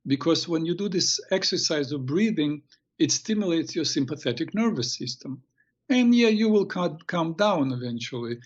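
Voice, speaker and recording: A man hosting a radio show, giving earnest, halting health advice and telling a tale. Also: on the high side, expressive, lo-fi sound. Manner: hesitant, many restarts, earnest. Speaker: radio show host and therapist. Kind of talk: advice talk and storytelling.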